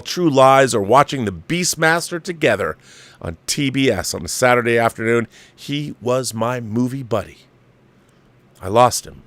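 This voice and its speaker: A man's voice: medium pitch, a bit bright, dry recording. A man hosting a show, casually reading a viewer's letter aloud and breaking in with his own asides. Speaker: host reading viewer mail. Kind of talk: casual chat.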